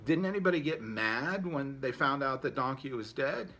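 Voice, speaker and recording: A man's voice: mid-range voice, animated, normal speed, bright, forceful tone, voice pushed up. A man voicing a plain-spoken, slightly sheepish farmer in a told joke. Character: sheepish rural male farmer.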